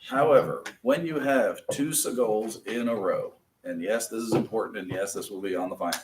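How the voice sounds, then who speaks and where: A man with a low voice leads a classroom lesson. He spells words letter by letter and laughs at his own slips. The room is echoey, with a faint hiss. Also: normal speed, recorded from a distance. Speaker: Hebrew teacher. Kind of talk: patient classroom instruction.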